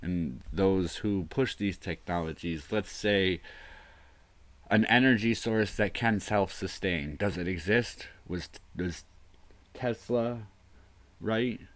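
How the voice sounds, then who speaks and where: A man in his thirties with a very deep voice holds forth alone on a livestream. He rambles from thought to thought and drops into quiet mutters. The sound is dry and close, with no room around it. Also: slow pace, no echo. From US northeast coast. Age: 30s. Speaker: livestream host. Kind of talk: solo livestream talk.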